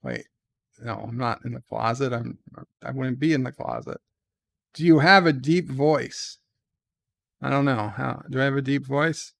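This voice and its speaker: A man hosting his show in casual chat, reading quiz questions aloud and answering with dry, deadpan humor. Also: a little slow, gravelly, long pauses, dry recording. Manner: reads questions brightly, answers low and mumbled. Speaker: show host. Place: at home.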